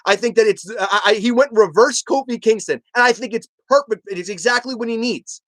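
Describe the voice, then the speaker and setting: A live stream host giving heated commentary, arguing emphatically with chat and rising to near shouts. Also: medium pitch, fairly quick, dry recording. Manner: animated ranting, emphatic and repetitive.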